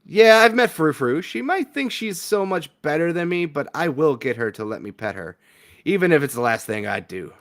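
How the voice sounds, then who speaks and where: A man voicing a pampered female dog that talks like a Southern belle, in a high sugary drawl. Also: expressive, moderate pace, fairly bright tone. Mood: sweet, haughty. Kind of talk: reading a visual novel aloud with voices.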